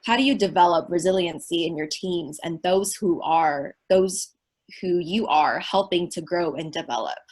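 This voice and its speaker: A woman moderating a webinar panel, putting questions to panelists in a brisk, friendly way over a video call. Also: lowish voice, a little mellow.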